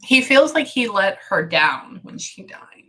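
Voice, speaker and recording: A woman with a bright, forceful voice works as a medium during a channeling session. She talks in bursts, keeps stopping herself and circles back to repeat her words. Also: medium pitch. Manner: halting, animated, many self-interruptions. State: tearful at times. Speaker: psychic medium.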